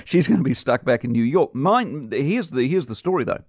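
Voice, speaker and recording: A man, hosting a radio breakfast show in casual banter, emphatic and quick to joke. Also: medium pitch, big pitch swings, a little mellow, no room sound, studio quality. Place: radio studio. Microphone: close studio microphone.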